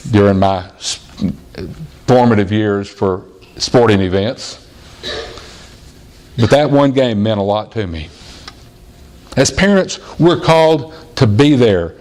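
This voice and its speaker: Male pastor preaching in earnest. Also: a little mellow. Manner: storytelling, plain earnest preaching; jumps to a high child's voice when quoting a boy. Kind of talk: sermon. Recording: audio-only church sermon recording.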